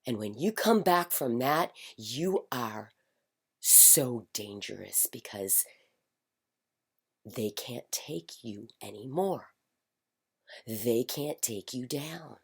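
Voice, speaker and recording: A middle-aged woman with a low voice delivers a fervent personal monologue at an unhurried pace. She repeats her phrases like a chant and moves between loud declarations and near-whispers, leaning hard on each word. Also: lively intonation, vocal fry, breathy edge. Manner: emphatic, swings from loud declarations to hushed whispers. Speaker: spiritual commentator.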